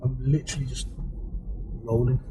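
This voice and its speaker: A man's voice: mid-range voice, normal speed. Chatty male driving instructor in a car. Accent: mixed English, Birmingham-tinged. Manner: relaxed, chatty, explains each step as he drives. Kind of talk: live driving commentary. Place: inside a moving car. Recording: car engine and road noise.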